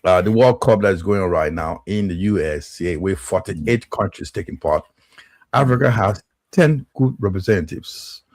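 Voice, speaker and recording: Casting: low, husky Liberian male talk host, hesitant and full of fillers. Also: animated, darkish tone, no room sound. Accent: Liberian English. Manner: halting, many fillers and restarts. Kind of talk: casual talk show chat.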